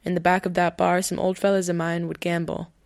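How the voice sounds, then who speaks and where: A folksy old gambler ghost with a southern drawl spins a boastful tale of his life, as a woman reads him in her own low, flat voice. It is a storybook telling, with a dry, close sound. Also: fairly quick, no room sound, close to an everyday voice. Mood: reminiscing.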